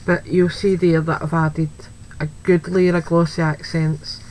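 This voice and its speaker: A woman's voice: low-pitched, level tone, measured pace, darkish tone, slight background noise, low-quality recording. A woman chatting through a card-making tutorial, thinking aloud as she works and making light of her own slips. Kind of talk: craft tutorial, talking while working.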